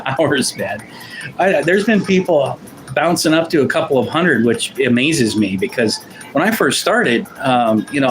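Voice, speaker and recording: The recording is low quality with a little hiss or hum as this slightly high-voiced man, an artist streaming from Portland, Oregon, USA, chats casually with his viewers. He rambles in a self-deprecating way and often starts sentences over.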